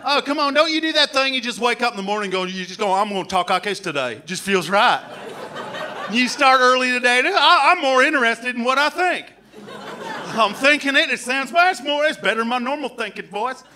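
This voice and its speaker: A man from Canada doing live stand-up comedy, shouting and slipping into silly put-on voices and accents. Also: very high voice, a little fast.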